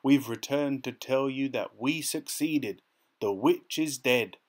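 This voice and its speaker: A man voicing a young girl heroine who shouts in indignation. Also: mid-range voice, slow pace, voice pushed up. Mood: indignant.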